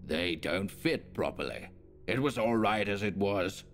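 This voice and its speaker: A man voicing a sinister old male alchemist in a hoarse, croaking voice, hissing and muttering his words. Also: on the low side, animated, a little slow, faint music behind. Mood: menacing.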